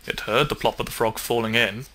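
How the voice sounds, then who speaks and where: A man reading a children's picture book aloud in a clear, measured storytelling voice. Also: medium pitch, steady tone, sharp tone. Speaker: storybook reader.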